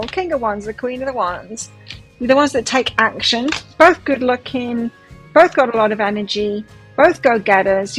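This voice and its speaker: A woman's voice: fairly high pitch, low-quality recording. A woman giving a pick-a-card tarot reading, talking to the viewer as she turns cards and exclaims over them. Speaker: tarot reader.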